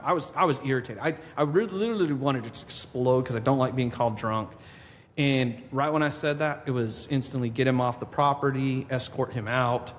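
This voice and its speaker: A man, a podcast guest, telling a long story in a casual interview and acting out what others said to him. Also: medium pitch. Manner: animated storyteller, quotes people in his own voice. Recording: long reverb with faint background noise.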